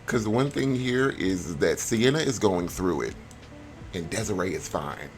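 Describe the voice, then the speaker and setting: Animated young man with slangy commentary. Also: measured pace, soft background music. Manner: animated, slangy, with sudden high squeals. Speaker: gameplay vlogger. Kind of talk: casual gameplay commentary.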